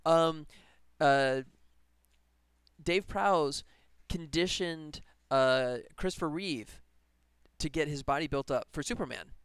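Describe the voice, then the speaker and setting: Streamer guy, slightly high, smooth voice, close dry mic, rambling and enthusiastic. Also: slow pace, fairly bright tone, no echo. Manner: rambling, enthusiastic, laughs often. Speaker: game developer streamer. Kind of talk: casual live stream chat.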